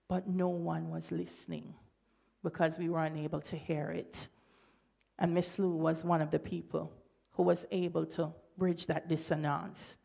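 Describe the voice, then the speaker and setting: A woman with a Jamaican accent giving an academic presentation at a symposium, breaking into lively patois quotes. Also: medium pitch, creaky. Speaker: symposium speaker. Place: lecture hall.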